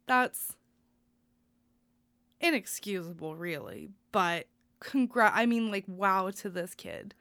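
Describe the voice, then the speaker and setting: A woman's voice: mid-range voice, expressive, slow, long pauses, fairly bright tone, dry recording. A young adult woman co-hosting a podcast, sharing good news in a heartfelt, rambling way with plenty of fillers. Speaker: podcast co-host. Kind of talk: casual news chat.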